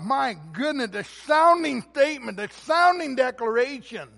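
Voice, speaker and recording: A man's voice: extremely high pitch, animated, measured pace, creaky, few pauses, bright, forceful tone, in a large hall. A man preaching a sermon as a pastor, emphatic and building in force on key words.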